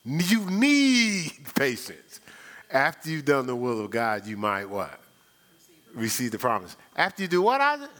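A man's voice: mid-range voice, huge pitch swings, unhurried, fairly bright tone. A male pastor preaching a sermon, playful and teasing with his congregation.

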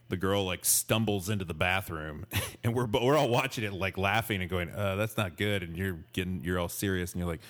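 A man's voice: deep voice, a bit bright. A man in a casual chat, telling long rambling stories full of profanity and laughter.

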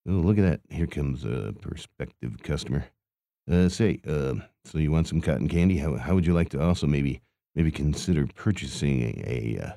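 A man putting on a hapless carnival cotton candy vendor with an extremely deep, gravelly voice, mumbling and stammering through his shift between weary groans. The tone is dark and muffled, and the voice sits close and dry with no room sound at all. It plays as a mumbled, improvised character monologue. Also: no room sound.

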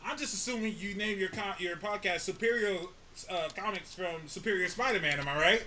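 A man co-hosting a podcast in casual chat, animated, swearing and laughing often. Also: high voice, a little fast, a crowd in the background. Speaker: podcast co-host.

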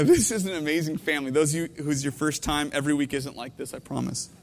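A man in his thirties preaching a heartfelt sermon, tearful, his voice swinging between hushed and intense. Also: a little high, in a large hall. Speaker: pastor. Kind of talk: emotional sermon.

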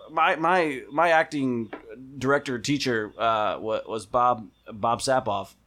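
A man chatting casually on a podcast, telling animated stories and swearing freely. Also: medium pitch, slow pace.

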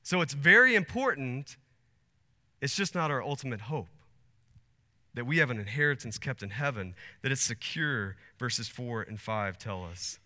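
A man's voice: mid-range voice, very animated, normal speed, pushed and bright. A man in his thirties preaching a sermon as pastor, earnest and building to emphatic peaks. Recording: long hall reverb.

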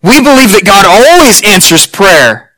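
High-voiced man preaching earnestly. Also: sing-song, sharp tone, poor audio. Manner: earnest, emphatic preaching with slow weighty pauses. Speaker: pastor. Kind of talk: sermon.

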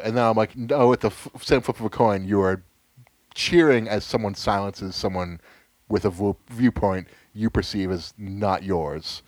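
A young man co-hosting a casual podcast chat, ranting sarcastically with lots of swearing and sudden loud outbursts. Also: on the low side, normal speed, no room sound. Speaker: podcast co-host.

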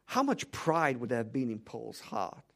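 A man's voice: mid-range voice, big pitch swings, normal speed, vocal fry, fairly bright tone. A man preaching a sermon, emphatic and direct, firing rhetorical questions at the congregation. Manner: direct, speaks to the congregation as "you".

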